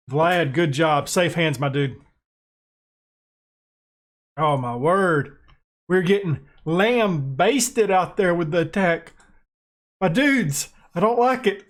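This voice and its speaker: American guy, gaming commentary, excitable, self-mocking, a bit high-voiced. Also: slow pace, long pauses. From United States. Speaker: gaming YouTuber. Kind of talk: casual gameplay commentary.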